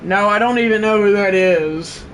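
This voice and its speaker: A man hosting a livestream, doing mock play-by-play of a football video game, bursting into loud excited calls between low offhand asides to his chat, in a room at home. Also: moderate pace, poor audio. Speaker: livestream host. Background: faint fan hum.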